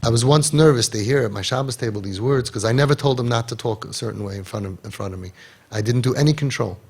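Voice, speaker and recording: A man giving an impassioned inspirational talk, animated, acting out bits of dialogue and repeating his key points. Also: medium pitch, quick pace, vocal fry, slightly rough. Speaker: inspirational speaker.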